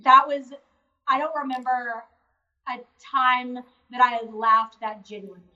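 Guest: high, bright woman, chatty and quick, filler-heavy, heard over distant, dull video-call audio. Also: fairly even intonation. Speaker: interview guest, reality show contestant. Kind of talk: casual live Q&A chat.

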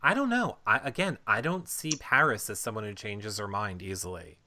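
Chatty man with a bright voice. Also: fairly low pitch, moderate pace. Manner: animated storytelling with many fillers. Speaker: reality show recap host. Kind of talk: casual chat.

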